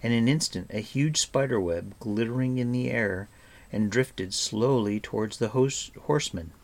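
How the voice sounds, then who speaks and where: A man reading a fantasy novel aloud as audiobook narrator, soft and even. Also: mid-range voice, normal speed. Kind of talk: scripted narration.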